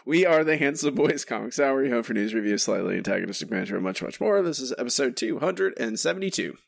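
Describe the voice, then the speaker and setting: Male podcast co-host, gravelly and dry-miked, fast joking banter. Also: mid-range voice, lively intonation, no room sound. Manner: quick, joking, laughs often. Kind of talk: casual comics podcast banter.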